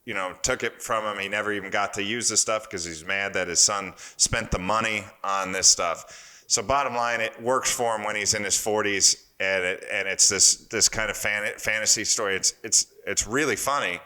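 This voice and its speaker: A man in his fifties, a podcast guest, telling a long story with animated energy. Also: on the low side, moderate pace. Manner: animated, excitable storyteller who acts out quotes. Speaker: guest, former wrestler and strength coach.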